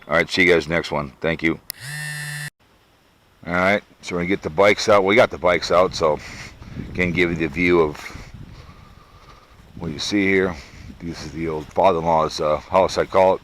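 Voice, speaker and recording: A deep-voiced man from Minnesota with a slightly bright tone speaks at normal speed with fairly even intonation, pausing often. He rambles easygoingly in a casual product review vlog outdoors in a backyard. A sunglasses camera mic picks up heavy breathing as he trails off with fillers.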